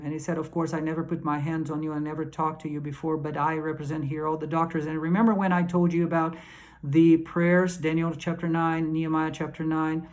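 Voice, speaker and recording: A man's voice: fairly high pitch, flat delivery, fairly quick. A man earnestly recounting a conference panel in a casual spoken recap, emphatic and often restarting and repeating words.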